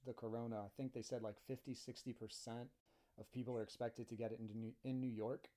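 A man's voice: medium pitch, level tone, fast, dark tone. A man hosting a casual podcast chat, rambling and chatty with many fillers and restarts. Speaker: podcast host. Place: Delaware, at home.

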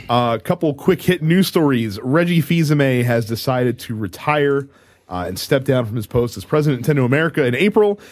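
A man's voice: mid-range voice, expressive, a little fast, darkish tone, no echo, clean studio sound. A man hosting a casual gaming podcast, running through news items conversationally with fillers. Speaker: podcast host.

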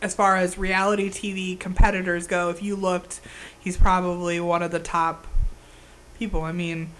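A woman's voice: on the low side, little pitch movement, moderate pace, a bit bright, a little hiss or hum. A woman co-hosting a podcast in casual chat, talking eagerly and laughing often. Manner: chatty, enthusiastic, frequent laughter. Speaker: podcast co-host.

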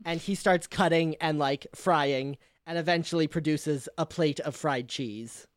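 A man's voice: a little high, measured pace, no echo, clean studio sound. Laughing male tabletop player. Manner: laughing, playful. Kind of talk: casual tabletop role-play narration.

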